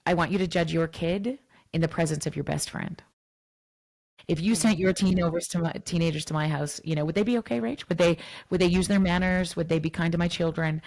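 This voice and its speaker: A woman's voice: fairly low pitch, brisk. A woman psychologist, a guest on a podcast, talking animatedly and acting out conversations. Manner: animated, acts out dialogues, switches to soft whispers. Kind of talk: podcast interview.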